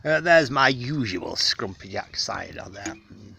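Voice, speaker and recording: Man, gravelly voice, genteel affected manner, rambling fillers, outdoors, handheld camera. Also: on the low side, animated, measured pace, pushed and bright, a little hiss or hum. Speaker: vlogger. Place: outdoors in the countryside on a hot day.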